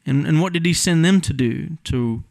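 A man's voice: on the high side, normal speed, gravelly, darkish tone, no room sound. A man preaching an expository sermon in a church, explaining the text in an earnest teaching way with frequent ums. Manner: earnest teaching, explains word meanings, many fillers. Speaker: pastor. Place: church sanctuary.

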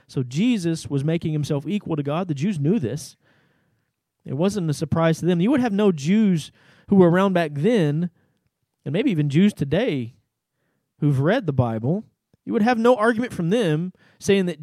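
Animated male preacher, dry close sound. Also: normal speed, dry recording. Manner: animated, rises in pitch for emphasis, asks "right?". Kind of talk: sermon, scripture reading.

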